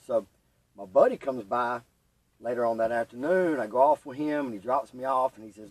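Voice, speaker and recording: Young guy, husky voice, animated storyteller, set back from the mic. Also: mid-range voice, moderate pace, pauses often, dry recording, far from the mic, poor audio. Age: young adult. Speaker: podcast guest. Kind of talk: telling his recovery story.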